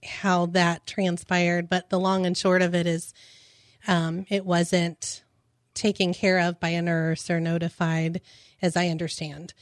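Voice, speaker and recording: A woman, a parent, telling her story on a radio talk show, hesitant and halting with many restarts. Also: fairly low pitch, flat delivery, dry recording, clean studio sound. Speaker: guest, parent.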